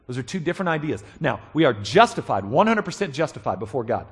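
A male pastor preaching a conversational sermon, animated, checking in with his listeners and acting out quoted voices. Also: medium pitch, fast talker, breathy edge.

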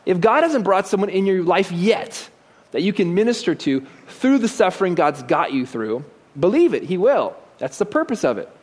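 High-voiced animated preacher man. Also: moderate pace, husky. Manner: animated, joking asides, rhetorical questions. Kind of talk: conversational sermon.

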